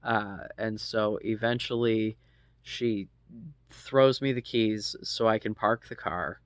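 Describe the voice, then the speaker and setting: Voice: medium pitch, steady tone, slow pace, no room sound. An adult in their thirties casually telling a personal story, rambling with lots of ums and asides and swearing freely.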